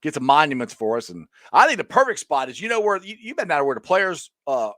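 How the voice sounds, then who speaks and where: A man hosts a sports show, chatting loosely, laughing and reading viewer comments aloud. His voice is a little high and swings a lot in pitch, recorded close and dry. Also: sing-song, quick pace, sharp tone, dry recording. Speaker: podcast host. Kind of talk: casual sports chat.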